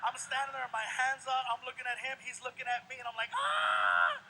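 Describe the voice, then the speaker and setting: A man doing stand-up comedy, telling a story to a live audience in an animated, exclaiming way and acting out scenes. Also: very high-pitched, quick pace, a little hiss or hum, low-quality recording.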